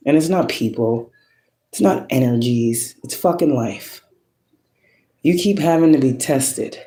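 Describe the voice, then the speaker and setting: Slow, mellow-voiced woman preaching casually. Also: rumbling low, reverberant, low-quality recording. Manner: profane, preachy, rhetorical, laughs often. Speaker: spiritual influencer. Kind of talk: casual spiritual monologue.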